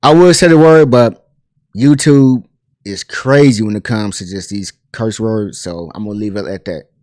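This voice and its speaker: A man hosting a pop culture commentary channel, telling a story in a chatty, animated way full of asides and fillers. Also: on the low side, normal speed, no echo, studio quality. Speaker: host.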